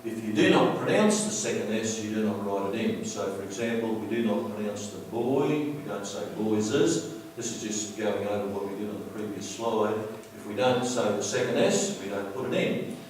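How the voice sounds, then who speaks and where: A man teaching a grammar lesson over slides, explaining patiently and repeating himself, slowing down to stress key words. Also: on the low side, animated, slight background noise. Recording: very echoey room, distant mic.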